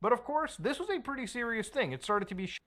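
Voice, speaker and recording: Skeptical man commenting, lively pitch. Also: fast. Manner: conversational, skeptical. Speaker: online commentator. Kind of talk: commentary video narration.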